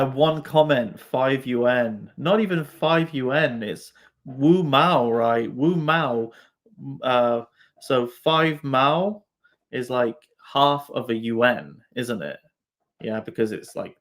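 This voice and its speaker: Slow-talking man reading chat. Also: medium pitch. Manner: swears freely, laughs often, talks to comments. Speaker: live stream host reading chat. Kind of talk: casual live stream chat.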